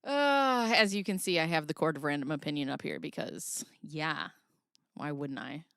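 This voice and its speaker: A woman's voice: low-pitched, moderate pace, vocal fry, a bit bright, dry recording, studio quality. A woman hosting a casual reaction commentary, goofy and giggly, rambling as she reads through documents. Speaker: host.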